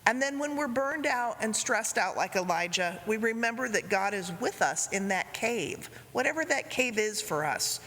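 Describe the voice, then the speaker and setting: Bright-voiced woman preaching in a hall. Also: on the high side, animated, moderate pace, few pauses. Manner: gentle storytelling with acted quotes. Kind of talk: sermon. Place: church sanctuary. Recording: reverberant church hall.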